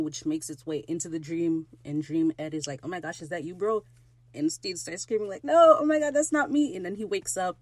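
A woman hosting a podcast, recapping a TV episode in casual chat, excitable and gushing, jumping loud and high when thrilled. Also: no room sound, low-quality recording. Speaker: podcast host.

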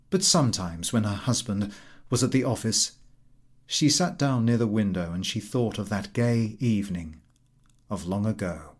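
A man narrating a classic short story, with measured delivery and dramatic pauses. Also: fairly low pitch.

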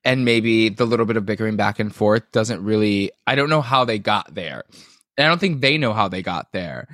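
Gossipy, animated man on a podcast. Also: lowish voice, brisk, no room sound, studio quality. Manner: animated, gossipy, swears freely. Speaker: podcast co-host. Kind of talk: casual chat.

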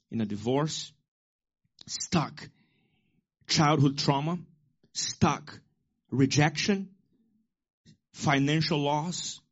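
A pastor in his forties preaching a sermon with emphasis, rising to loud peaks and dropping to quiet asides. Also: fairly high pitch, lo-fi sound.

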